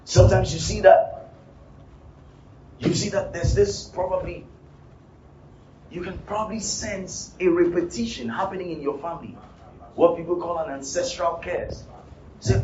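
High-voiced preacher man shouting in church. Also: normal speed, pauses often, slight background noise. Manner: repetitive preaching that builds to shouting. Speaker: pastor. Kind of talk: sermon. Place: church hall. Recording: roomy, distant, dull live church sound. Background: music and congregation.

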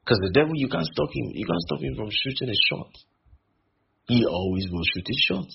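A male preacher, repeating phrases for emphasis and slowing on key lines. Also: medium pitch, sing-song, slight background noise. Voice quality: gravelly and very husky. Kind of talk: sermon. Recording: dull lo-fi recording.

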